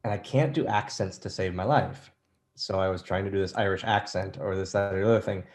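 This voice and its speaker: Low-voiced man telling rambling anecdotes. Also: a little fast. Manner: rambling, self-deprecating anecdotes with many restarts. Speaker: interview guest. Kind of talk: casual storytelling interview.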